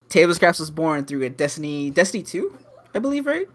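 A man's voice: fairly high pitch, sing-song, a little fast. A young man co-hosting a casual podcast, rambling with lots of fillers, restarts and swearing. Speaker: podcast co-host. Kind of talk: casual chat.

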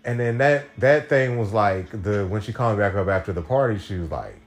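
Over soft background music, a young podcast host talks fairly quickly with lively intonation and few pauses. His casual monologue is a rambling, profane story full of fillers, with quotes acted out through big pitch jumps.

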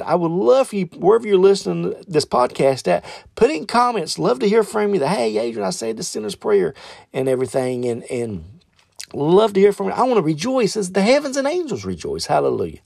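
Gravelly and a bit rough with a darkish tone, this man's voice comes through a dry, clean studio recording. He fervently preaches a podcast sermon and leads prayer, repeating hallelujah and moving from soaring exclamations down to quiet prayer. He speaks loosely, often correcting himself mid-thought.

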